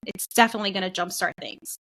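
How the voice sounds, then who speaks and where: A woman's voice: mid-range voice, quick pace. A young woman co-hosting a podcast, casually telling a personal story and acting out what people said. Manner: animated storytelling, acts out quotes. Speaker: podcast co-host. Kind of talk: casual chat, telling her birth story.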